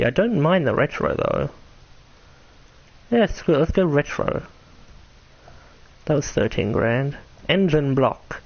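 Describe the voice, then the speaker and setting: A man's voice: on the high side, muffled recording. A young man rambling through casual gameplay commentary, swearing freely and mocking himself, his voice tired and prone to cracking. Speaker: streamer.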